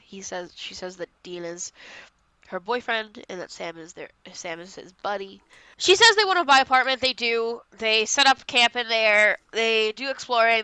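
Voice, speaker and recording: A young woman co-hosting a podcast, congested and stuffy-nosed, rambling through an animated episode recap. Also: a little high, smooth, no echo. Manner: rambling, animated retelling with quick voiced quotes. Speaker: podcast co-host. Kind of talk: casual chat, episode recap.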